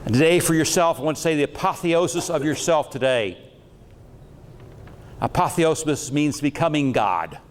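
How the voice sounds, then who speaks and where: A man's voice: a little high, moderate pace, long reverb tail, slight background noise. Joking, rambling male metaphysics lecturer. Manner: rambling, jokey and irreverent. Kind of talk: lecture with slides.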